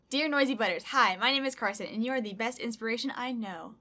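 Young woman, upbeat vlogger type, bright higher voice, excitable and emotional. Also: racing, few pauses. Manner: bubbly and excitable, squeals up high, gets teary reading fan letters. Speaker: YouTuber. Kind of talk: casual vlog chat. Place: home room with packages.

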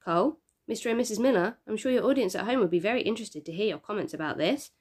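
A woman voicing a gleeful, smug woman TV news reporter with a bright, probing broadcast delivery, reading a storybook aloud. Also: medium pitch, lively intonation, very fast, slightly rough, voice pushed up.

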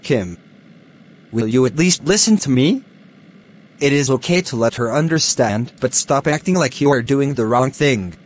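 A man voicing a young fiancé in an animated drama, defensive and pleading. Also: medium pitch, moderate pace, close to an everyday voice.

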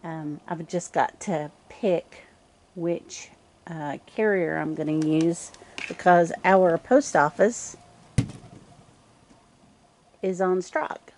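Slow-talking older woman cooing softly. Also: fairly low pitch, a little hiss or hum. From Nova Scotia, Canada. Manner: calm and chatty, coos sweetly to the animals. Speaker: wife feeding raccoons at home. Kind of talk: casual chat to camera. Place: outdoors on a porch on a cold night.

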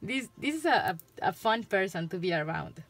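A tarot reader with a Spanish accent gives a reading to camera, giggling often and rambling in a loose, chatty way. Her mid-range voice is sing-song and a bit bright at a moderate pace, with no echo.

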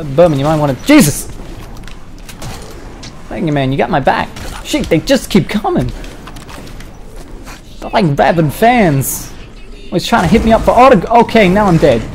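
A man's voice: high voice, creaky. A young Australian man giving crude, jokey commentary while playing a video game, with bursts of mock panic. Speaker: let's-play gamer. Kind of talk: joking gameplay commentary.

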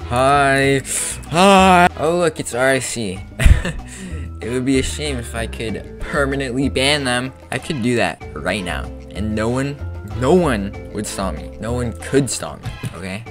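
A man talks through his gameplay in an excitable, mischievous way, with sudden jumps into loud shouting. His voice sits at an ordinary middle pitch. Soft music plays quietly underneath. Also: unhurried. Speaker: gaming video creator. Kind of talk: gameplay commentary.

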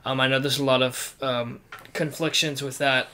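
A man's voice: mid-range voice, flat delivery, normal speed, sharp tone. A young man co-hosting a casual podcast, talking earnestly and filling his speech with um and uh. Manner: chatty and earnest, uses many fillers. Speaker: podcast co-host.

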